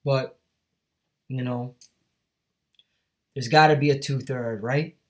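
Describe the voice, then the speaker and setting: A man's voice: mid-range voice, fairly even intonation, slow pace. A man teaching from scripture, reading verses aloud and then commenting on them emphatically while often checking in with his listeners. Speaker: Bible teacher.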